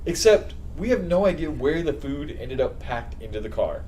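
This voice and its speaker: Man, high voice, very lively pitch, casual storytelling, laughs a lot, faint hiss behind. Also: moderate pace. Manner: animated, laughing, acts out quotes loudly. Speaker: podcast co-host.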